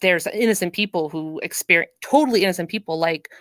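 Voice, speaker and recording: A woman's voice: on the low side, brisk, a bit bright, no room sound. A woman hosting a casual discussion, thinking aloud with frequent restarts and hedges. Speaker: host.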